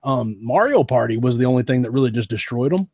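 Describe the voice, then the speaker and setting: This podcast co-host has a mid-range, slightly rough voice and a quick pace, captured in a dry, clean studio recording. An adult who was a teen in the late '90s, he chats animatedly about old game consoles, full of enthusiasm and tossing out "man" and "dude."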